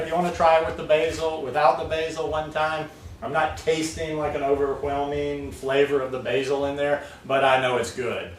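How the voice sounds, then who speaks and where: Making smoothies at home, this vlogger talks in a loose, meandering way packed with filler words, his voice sitting in the mid range. A light hiss or hum runs under the audio, which sounds roomy with faint ambience from a distant microphone.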